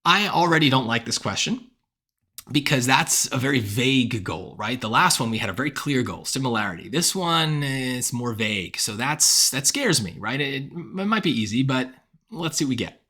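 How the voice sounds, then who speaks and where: A man tutoring for the SAT, walking through each answer choice out loud and often asking "right?" as he reasons. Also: medium pitch, lively intonation, normal speed, breathy edge. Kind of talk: test-prep walkthrough.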